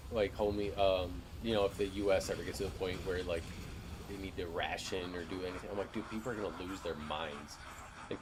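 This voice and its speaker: A man's voice: sits low, slight background noise. A young man streaming a game, telling a profane, ranting story in casual chat.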